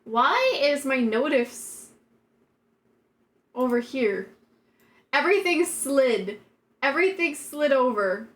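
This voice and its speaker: A woman's voice: sits high, lively intonation, takes it slowly, long pauses. A woman streamer chatting casually on a live stream, giggly and rambling with lots of filler words.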